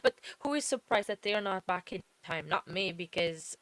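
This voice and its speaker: A woman's voice: mid-range voice, expressive, moderate pace, a bit bright, dry recording. Woman, trial-watch stream host, tired, yawning, rambling casual chat, dry close sound. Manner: chatty and rambling, with many fillers and self-corrections. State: tired and yawning late at night. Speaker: host of a true-crime trial-watch livestream. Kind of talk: casual live commentary.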